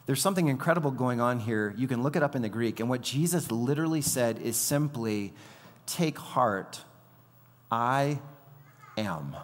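Male preacher, mid-pitched, lively storyteller who acts out quotes; long hall reverb. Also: quick pace, hardly any pauses. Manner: animated storytelling, acting out quoted lines. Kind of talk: sermon.

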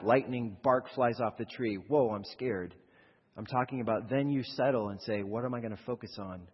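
A man preaching a sermon to a congregation, animated, swinging from loud acted-out fears to low, slow reflection. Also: breathy edge. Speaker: pastor. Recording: dull, reverberant hall recording.

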